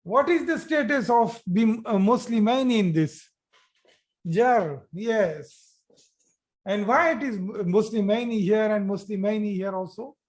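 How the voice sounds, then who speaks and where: A man's voice: sits high, measured pace. A man teaching a grammar class online, repeating each phrase and praising students' answers. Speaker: Arabic teacher.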